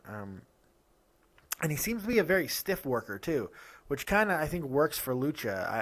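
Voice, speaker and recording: Animated ranting male wrestling reviewer. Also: mid-range voice. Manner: animated, ranting, quick asides and restarts. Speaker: host of a wrestling review show. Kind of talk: casual opinionated review talk.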